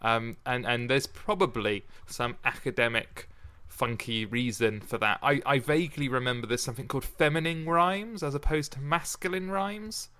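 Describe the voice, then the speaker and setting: A man with a bright, forward voice hosts a relaxed podcast. He reads verse in a measured way, then chats loosely, stopping and restarting his thoughts. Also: mid-range voice, clear, resonant tone. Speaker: podcast host. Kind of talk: casual podcast chat and sonnet reading.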